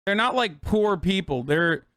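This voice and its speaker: Man, 30s, streamer, high voice, dry close mic, sarcastic rambling storytelling. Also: animated, measured pace, a bit bright, no room sound. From United States. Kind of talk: casual livestream storytelling.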